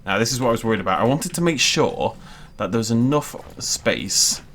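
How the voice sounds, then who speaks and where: A man's voice: mid-range voice, expressive, fairly quick, fairly bright tone. A young man giving casual, jokey let's-play commentary as he builds in a game. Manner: chatty, self-deprecating, jokey asides. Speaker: gaming YouTuber.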